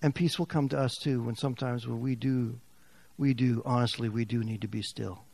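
A man preaching a sermon as pastor, swinging from loud, raised passages to quiet, near-whispered lines. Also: medium pitch, fairly even intonation, fairly quick, vocal fry, no echo.

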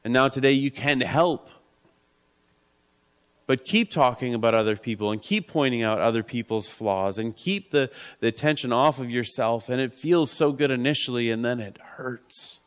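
A man delivers a sermon in an earnest, pastoral way, repeating his key lines for weight. His voice sits at an ordinary middle pitch and often sinks to a soft, intimate hush. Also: moderate pace. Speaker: preacher.

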